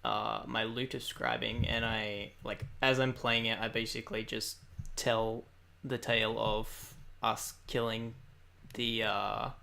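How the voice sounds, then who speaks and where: A man's voice: fairly low pitch, level tone, slow, creaky, sharp tone. A man playing a bard in a tabletop role-playing game, describing his actions in an easygoing, loose way. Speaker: player. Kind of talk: casual tabletop play.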